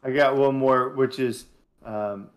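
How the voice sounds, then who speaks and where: A man co-hosting a casual podcast, a youth basketball coach who gets animated when making his points. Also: medium pitch, takes it slowly. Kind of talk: casual chat.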